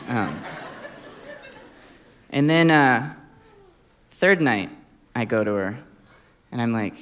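A man's voice: mid-range voice, normal speed, pauses often. Man telling a story, laughing as he goes. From Alabama. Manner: animated, laughs often while telling. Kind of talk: casual anecdote storytelling.

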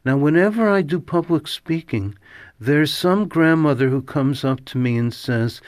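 A man's voice: fairly high pitch, no echo. A man hosting a literary radio interview show from a studio, speaking in a thoughtful, musing way. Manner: slow, thoughtful, musing delivery. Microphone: studio microphone.

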